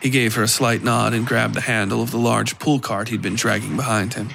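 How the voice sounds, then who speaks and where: A man reading a dark fiction story aloud in a measured narration style. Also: mid-range voice, fairly even intonation, creaky, a little hiss or hum. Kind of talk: scripted horror story narration.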